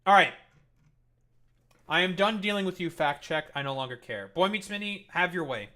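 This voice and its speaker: A man's voice: high voice, animated, normal speed, sharp tone. A man streaming live and commenting in a heated, profane and sarcastic rant.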